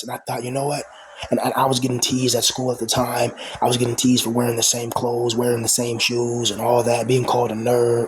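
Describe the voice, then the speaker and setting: A young man rants to his camera in a loose, rambling monologue, circling back on himself with fillers and restarts. His voice sits at an ordinary middle pitch, and faint noise hums under the recording. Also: rough recording. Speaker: vlogger.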